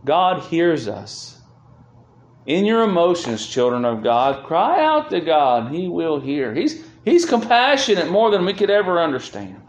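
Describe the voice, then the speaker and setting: This pastor's voice is a little high, sing-song, and unhurried, echoing through a roomy space. He preaches earnestly, his emotion rising as he reads scripture aloud.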